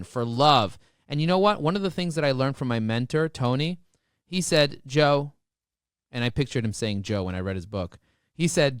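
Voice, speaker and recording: A man's voice: medium pitch, no room sound, clean studio sound. A man telling stories with great enthusiasm as a guest in a podcast interview. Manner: enthusiastic, excitable storyteller. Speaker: business guest.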